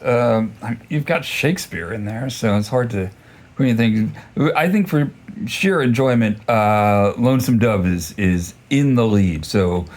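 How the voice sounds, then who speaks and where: A man's voice: medium pitch, darkish tone. A man giving a casual, rambling book review, full of fillers and restarts, often joking at his own expense. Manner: rambling, self-deprecating, many fillers and restarts.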